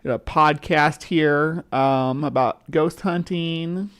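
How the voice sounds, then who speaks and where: A woman's voice: low-pitched, takes it slowly, clean tone. A woman from the central United States hosting a casual livestream, rambling, restarting her sentences and chatting with viewers as she goes. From central United States, between the South and upper Midwest. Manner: rambling, self-interrupting, chats with viewers. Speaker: livestream host. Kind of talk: casual live-stream chat.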